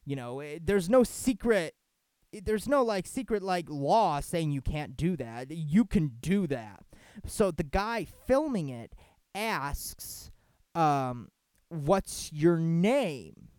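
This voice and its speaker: A man talking in casual commentary, halting with many restarts and self-corrections, then animated and sarcastic when he acts out what others said. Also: on the high side, clean tone, no room sound.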